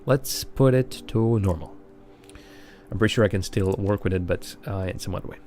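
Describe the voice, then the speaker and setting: A man's voice: lowish voice, normal speed, a little mellow, faint music behind. A young man streaming a game live, reading its text aloud in a rambling, chuckly way full of fillers.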